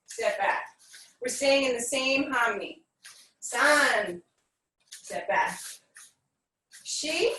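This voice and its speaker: A woman's voice: high voice, a bit bright, echoey room, recorded from a distance, a little hiss or hum, poor audio. A woman teaching an online aikido class for kids, counting aloud in Japanese and giving encouraging instructions while out of breath.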